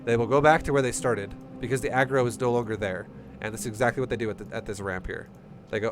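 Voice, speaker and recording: A man's voice: medium pitch, fairly even intonation, slight background noise. Blunt, swearing man coaching a replay. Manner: blunt, swears often, talks fast and heated. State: runny nose. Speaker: StarCraft coach reviewing a replay. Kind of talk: casual game replay coaching. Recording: music playing underneath. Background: music.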